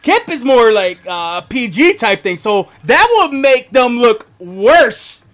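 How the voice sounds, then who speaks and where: A male streamer chatting loosely to his viewers, his pitch swinging widely up and down. He swears freely, laughs often, and leans on filler words as he tells his story. Faint music sits quietly behind him. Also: sing-song, slow pace, few pauses. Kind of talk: casual storytelling chat on a live stream.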